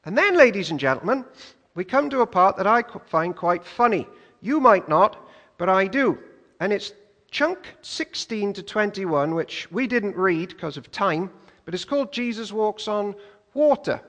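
A man preaches a sermon, high-voiced and animated. He jokes and slips into playful voices as he retells stories. His voice rings through a church hall with a long echo. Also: unhurried. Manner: lively, joking, acts out voices in retelling.

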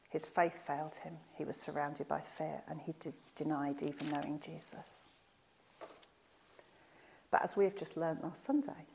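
A woman preaching a sermon, telling the story in a lively way and acting out the voices of the people in it. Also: low voice, vocal fry.

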